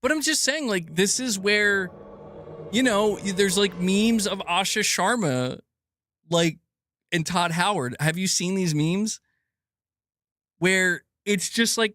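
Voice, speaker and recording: A man's voice: high-pitched, slow, long pauses, fairly bright tone, dry recording, studio quality. A man hosting a gaming news show, ranting casually with lots of swearing and restarts, laughing and mocking people as he goes. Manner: profane, rambling, laughs often, mocking voices. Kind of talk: casual opinion rant.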